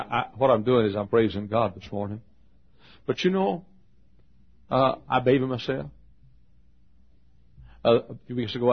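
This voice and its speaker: A gravelly, husky older man preaching from the pulpit, loud and lively as he tells a story. The recording sounds dull and lo-fi. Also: mid-range voice. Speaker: pastor. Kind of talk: sermon.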